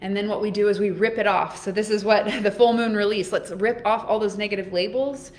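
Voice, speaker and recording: A woman's voice: medium pitch, fairly even intonation, brisk, darkish tone. A woman in her thirties hosting a live oracle card reading, talking straight to her viewers in an upbeat, encouraging way. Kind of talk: live-streamed motivational talk.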